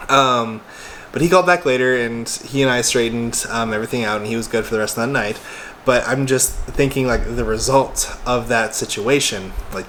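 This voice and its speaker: A man's voice: mid-range voice, fairly bright tone, slight background noise. A young man casually retelling a tense phone call from his helpline work, quoting both sides and swearing now and then. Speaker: former crisis helpline worker. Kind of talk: casual storytelling monologue.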